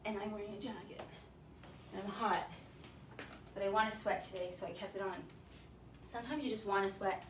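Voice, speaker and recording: A woman's voice: mid-range voice, steady tone, fairly quick, long pauses, a little hiss or hum. A woman fitness instructor, out of breath, counting reps aloud and cheering viewers on through a bodyweight workout in her home garage. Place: un-air-conditioned home garage. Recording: echoey garage, mic at a distance.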